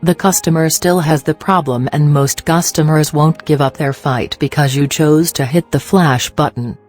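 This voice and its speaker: Scripted narration, steady instructive reading, middle pitch, soft music underneath. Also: normal speed. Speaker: narrator of a training video.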